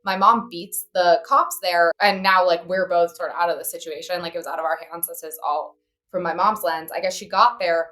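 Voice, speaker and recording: A woman's voice: on the low side, fairly even intonation, a little fast, fairly bright tone. A young woman co-hosting a podcast, telling a story in a chatty way, saying "like" a lot and swearing bluntly. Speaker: podcast co-host. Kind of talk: casual storytelling chat.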